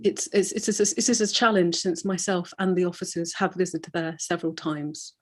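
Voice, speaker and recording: Hesitant councillor on a video call. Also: male voice, high-pitched, fairly even intonation, normal speed. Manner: hesitant, defensive, stammering restarts.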